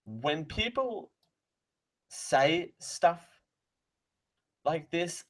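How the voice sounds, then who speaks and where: A man's voice: on the high side, lively intonation, drawn-out words, rough recording. Rambling radio host, man. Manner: rambling, self-correcting, sarcastic asides. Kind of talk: live radio talk, reading mail aloud. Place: radio studio. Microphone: close studio microphone.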